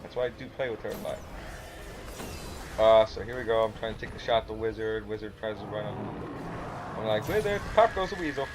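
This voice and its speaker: A man's voice: fairly low pitch, monotone, a little fast, long pauses, background noise. A man giving a casual, rambling play-by-play commentary over his own gameplay footage. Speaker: gamer, channel host. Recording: game sounds behind the voice.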